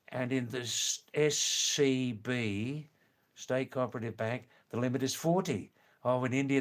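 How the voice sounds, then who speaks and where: Slow-spoken Australian man hosting a stream. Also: mid-range voice. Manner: slow, careful and clear, with frequent chuckles. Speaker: live stream host. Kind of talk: casual live-stream chat reading viewer comments.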